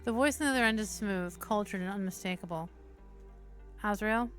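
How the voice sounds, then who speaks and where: With faint music behind her, a woman hosting a stream narrates a visual novel at a brisk pace in a mid-range voice. Her steady reading is interrupted by casual, swear-laden comments between passages.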